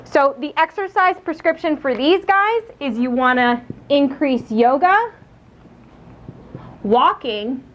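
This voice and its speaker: A woman giving a live lecture on diet and exercise, chatty and lively, asking her audience questions. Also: high-pitched, slow. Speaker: nutrition speaker. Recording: muffled lo-fi lecture recording.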